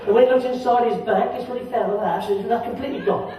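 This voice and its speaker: A man's voice: very high voice, fairly even intonation, fast. A man, a magician and comedian, telling a jokey story on stage and chatting with the audience. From England. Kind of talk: stand-up comic storytelling on stage. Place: holiday village entertainment venue. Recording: very echoey hall, distant, crowd noise.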